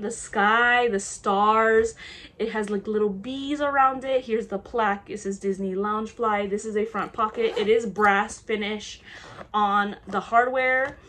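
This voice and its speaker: A woman's voice: a little high, a bit bright. Gushing, chatty young woman vlogger. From half Japanese. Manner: gushing and chatty, many okays. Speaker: vlogger showing a bag haul. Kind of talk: casual haul vlog.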